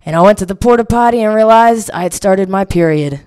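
Talking a little fast, this woman has a medium-pitched, smooth voice with a darkish tone. She's a young Delaware comedian doing stand-up, wandering through crude stories at her own expense with plenty of profanity.

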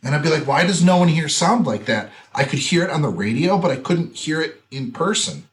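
A man's voice: fairly high pitch, animated, a little fast. A man from central Wisconsin in his thirties, chatting casually and wryly, often mimicking people he quotes. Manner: wry, mocking, quotes people in put-on voices. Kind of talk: casual chat.

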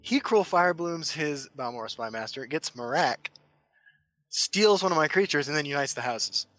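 A man's voice: on the high side, expressive, moderate pace, fairly bright tone. A man co-hosting a podcast, telling stories in casual chat, stammering and joking as he goes. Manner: stammering, jokey storytelling. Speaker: podcast co-host.

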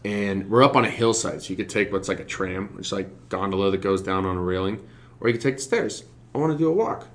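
A man's voice: sits low, quick pace. A young man, a podcast guest, telling a story in casual chat and acting out the voices of the animals in it.

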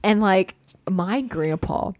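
A woman's voice: mid-range voice, takes it slowly, darkish tone, no room sound. A young woman telling a personal story in casual chat, full of "like" and little laughs. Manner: chatty, heavy use of "like", laughs often.

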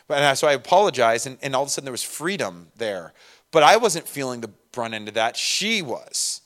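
A man preaching a relaxed, conversational sermon, full of asides and personal stories. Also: medium pitch, fairly quick. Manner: conversational, many fillers and asides. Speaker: pastor. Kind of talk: casual sermon.

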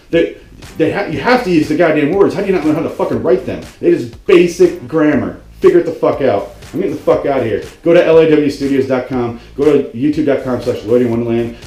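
Male video host with a warm, low-toned voice ranting sarcastically about grammar, swearing a lot, recorded with a roomy echo. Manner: profane, exasperated and sarcastic. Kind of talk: comedic grammar rant.

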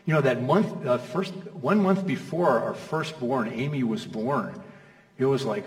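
A man's voice: mid-range voice, moderate pace. Man, middle-aged pastor, chatty sermon, echoey hall, distant mic. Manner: conversational storytelling, acts out quoted voices.

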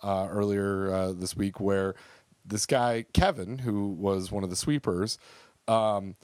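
Here a man co-hosts a podcast in a lowish, darkish voice at a slow pace, rambling casually through fillers and restarts. No room sound can be heard.

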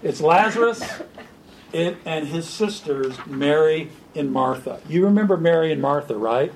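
A man preaching an informal sermon to a small group, animated and joking. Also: on the high side, unhurried, a little hiss or hum, poor audio. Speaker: pastor.

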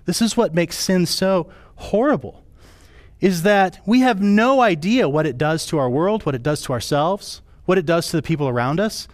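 A man preaching a sermon as pastor, his voice rising high and falling low for emphasis. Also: animated, normal speed, dry recording, studio quality.

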